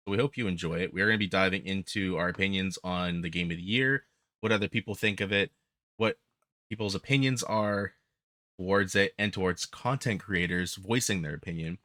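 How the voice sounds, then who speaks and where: A man's voice: low-pitched, brisk, sharp tone, no echo, clean studio sound. A man hosting a podcast, talking casually and bluntly with frequent ums. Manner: blunt, candid, with filler ums. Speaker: podcast host.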